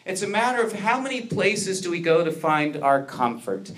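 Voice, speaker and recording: Guy preaching to his congregation, earnest, bit high-voiced, keeps asking questions and building up. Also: big pitch swings, moderate pace, fairly bright tone. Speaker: pastor. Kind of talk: sermon.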